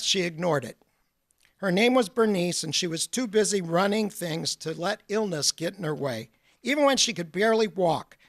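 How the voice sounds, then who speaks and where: Man giving a talk, telling funny stories, high voice, pretty dry sound. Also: fairly bright tone, dry recording. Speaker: guest speaker. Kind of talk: storytelling lecture.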